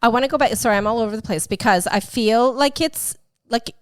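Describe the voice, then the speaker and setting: A chatty woman co-hosting a podcast, her voice sitting a little high. She rambles through fillers and swears freely. The sound is dry and close. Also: brisk, dry recording. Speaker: podcast co-host. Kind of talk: casual chat.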